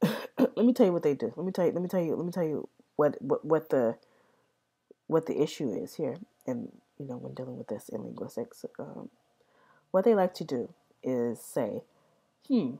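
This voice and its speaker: A woman's voice: extremely low pitch, expressive, moderate pace, gravelly, dark tone, slightly rough. A young adult woman explaining language in a casual vlog, rambling, repeating herself and often asking "right?". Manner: rambling, repeats words, many "right?" checks.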